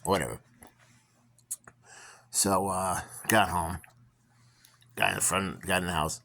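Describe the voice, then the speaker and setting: A man's voice: sits low, very animated, takes it slowly, gravelly, pushed and bright. A young man casually telling a personal story to viewers, rambling with many fillers and restarts. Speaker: vlogger.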